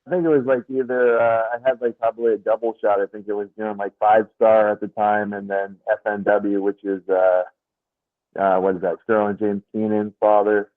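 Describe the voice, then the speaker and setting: A man's voice: fairly low pitch, little pitch movement, moderate pace, no echo. Male guest on a tinny phone line. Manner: hesitant, searching memory. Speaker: guest wrestler. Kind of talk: casual interview chat.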